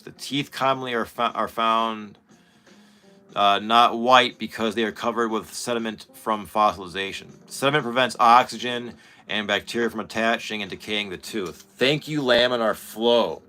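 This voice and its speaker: A man in his forties hosting a casual vlog. He talks in an excitable, rambling way and swears often. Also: medium pitch, clean tone. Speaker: channel host.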